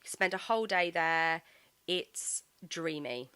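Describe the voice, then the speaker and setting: A woman hosting a podcast, chatting enthusiastically and telling stories in a relaxed conversation. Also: lowish voice, slow, clear, resonant tone. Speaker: podcast host. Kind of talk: casual chat.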